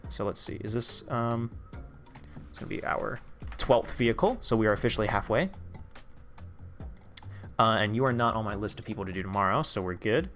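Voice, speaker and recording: Excitable young man streaming games. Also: fairly low pitch, brisk, long pauses, soft background music. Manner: excitable, chatty, reads chat aloud. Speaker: livestream host. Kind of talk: casual live-stream commentary. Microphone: desk microphone.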